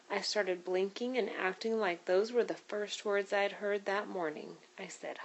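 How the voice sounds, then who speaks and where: Woman, reader, children's novel read aloud, steady, clear storytelling. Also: medium pitch, a little slow, poor audio.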